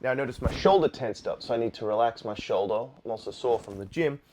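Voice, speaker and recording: A man's voice: medium pitch, quick pace. Laid-back man telling a guitar story. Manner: relaxed, rambling, with frequent fillers. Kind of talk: casual storytelling to camera. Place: Nashville. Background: guitar playing.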